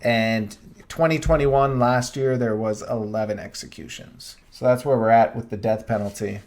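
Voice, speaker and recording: A young man co-hosting a podcast, chatting casually and reflecting earnestly, often pausing with "uh" and "um". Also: mid-range voice, steady tone, darkish tone. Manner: earnest, reflective, thinks aloud with "uh" and "um". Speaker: podcast co-host. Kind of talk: casual chat.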